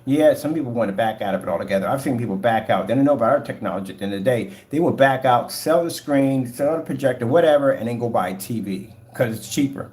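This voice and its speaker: A man's voice: mid-range voice, lively intonation, fast talker, hardly any pauses, a little mellow. A man giving a casual product demonstration for his projector screen paint, talking in an emphatic, rambling sales style at home. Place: home room with a projector and gray wall. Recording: roomy echo.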